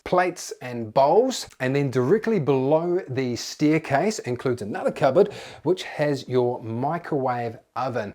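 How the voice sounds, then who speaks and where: A man's voice: medium pitch, a little mellow. A man hosting a tiny home tour vlog, chatty and upbeat as he walks through the rooms. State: a little out of breath.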